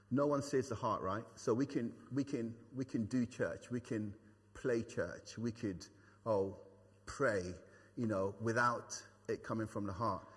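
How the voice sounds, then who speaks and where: A man's voice: on the low side, breathy edge. A man preaching a sermon to his church, conversational and earnest, with frequent fillers and repeated phrases. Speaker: pastor. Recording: long reverb of a hall.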